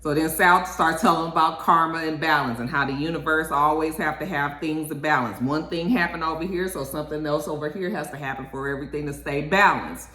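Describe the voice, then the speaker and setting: A TV show reviewer chatting casually through an episode recap while cooking at home, animated, with frequent "okay"s. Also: mid-range voice, brisk, few pauses. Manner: animated storytelling, tag-on okays. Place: home kitchen. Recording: echoey room.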